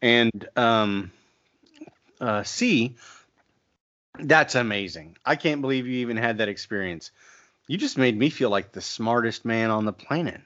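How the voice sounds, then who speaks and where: A man's voice: mid-range voice, lively intonation, measured pace, long pauses, a bit bright, no room sound, lo-fi sound. A man in casual chat who teases his co-host dryly. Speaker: podcast co-host.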